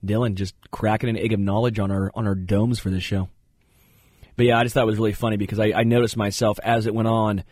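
A man hosting a talk show, telling rambling, animated stories in casual studio banter. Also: fairly low pitch, fast talker, no room sound. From Kansas City area. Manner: rambling, animated storyteller who jumps into funny voices. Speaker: radio show host.

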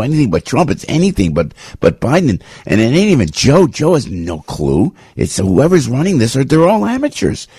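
A man hosting talk radio, rambling and animated, full of restarts and jokey asides. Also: fairly low pitch, breathy edge, no echo. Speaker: radio host.

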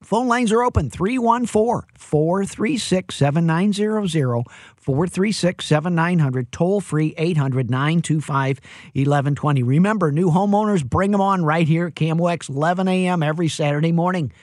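A man's voice: on the high side, normal speed, no echo. A man hosting a live radio call-in show on home repair, upbeat and chatty, with plenty of "you know" and playful jokes, speaking into a studio microphone. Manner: energetic, jokey, chatty with fillers.

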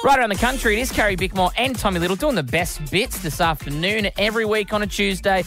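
A man's voice: high voice, quick pace, music in the background. A man co-hosting a radio show, reading out quiz questions in a joking, casual way. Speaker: radio co-host. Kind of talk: casual chat.

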